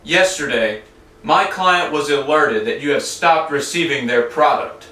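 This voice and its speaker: A man acting out a calm, menacing cartel middleman who delivers threats with chilling politeness. His voice is bright and hard-edged, and it sounds roomy, picked up from some distance away by the mic in a comedy skit. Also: fairly high pitch, a little slow.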